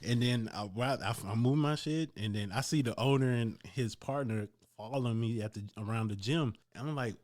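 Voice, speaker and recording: A man hosting a casual podcast, recounting a gym run-in with lively energy. His voice sits mid-range, and he leaps up in pitch when imitating other people. The talk is loose and conversational, full of restarts. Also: moderate pace, hardly any pauses. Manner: animated, acts out quoted voices with big pitch jumps. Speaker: podcast host. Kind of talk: casual storytelling chat.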